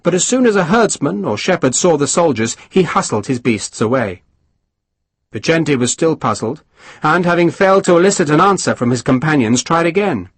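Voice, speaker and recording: A husky male narrator reads a historical novel aloud in a measured, expressive way. His pitch moves freely across phrases, and the close studio sound is dry, with no room echo. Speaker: audiobook narrator. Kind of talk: scripted narration.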